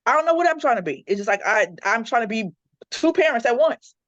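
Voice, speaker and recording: A woman's voice: fairly high pitch, fast talker, dry recording. Her speech races along, dry and close, with a dull, lo-fi recording that dulls the top end. She is a mother in her forties, chatting with friends on a podcast and acting out her kids' arguments as she goes. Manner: animated storyteller acting out her kids' quarrels. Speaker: panelist. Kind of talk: casual podcast chat.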